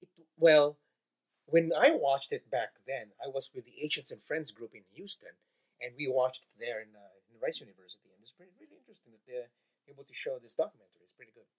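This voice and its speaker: A man hosting a podcast in casual chat, lively and often restarting his sentences. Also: medium pitch, fast talker, low-quality recording. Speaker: podcast host.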